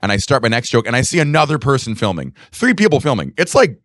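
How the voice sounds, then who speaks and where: A man's voice: mid-range voice, big pitch swings, quick pace, a bit bright, no room sound, clean studio sound. A man, a comedian co-hosting a podcast, chatting casually and candidly, with some swearing. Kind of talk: casual chat.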